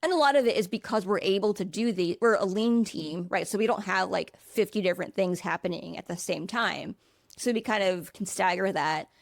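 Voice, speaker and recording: Gravelly-voiced woman hosting a casual chat. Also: medium pitch, a little fast, no room sound, clean studio sound. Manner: rambling, many fillers like 'like'. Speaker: podcast host.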